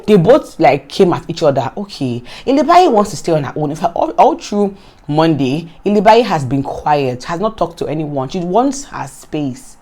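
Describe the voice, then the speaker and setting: A Nigerian woman vlogger recapping a reality show in casual, animated commentary, often exasperated and repeating herself. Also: low-pitched, normal speed.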